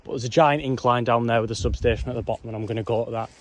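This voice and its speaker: A man's voice: mid-range voice, fairly even intonation, racing. A young man giving casual walking commentary while he explores old ruins, rambling with lots of ums, a bit out of breath. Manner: rambling, chatty, frequent ums and whatnots. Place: outdoors on a windy hillside. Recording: noisy outdoor camera audio.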